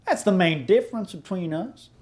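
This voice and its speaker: Man doing a pompous old-time gentleman, higher voice, swooping pitch, preachy, music behind. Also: lively intonation, normal speed. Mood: smug. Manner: pompous, preachy, mock-archaic diction. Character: pompous bigoted old-fashioned Southern gentleman.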